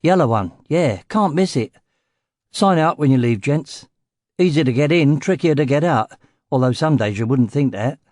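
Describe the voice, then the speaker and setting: A chatty ex-soldier guarding a hospital gate, Cockney through and through, blustering and jumping up in pitch as he talks, as a male narrator puts him on. The sound is close and dry. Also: lively intonation, normal speed, a little mellow, no room sound, close to an everyday voice.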